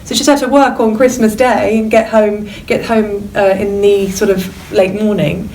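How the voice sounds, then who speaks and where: A woman's voice: fairly even intonation, moderate pace, darkish tone. A woman guest talking casually about a classic novel, chatty and jokey, with many fillers. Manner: chatty, jokey, acts out characters in high voices. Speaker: guest teacher. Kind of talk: casual literature discussion. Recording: distant mic with faint noise.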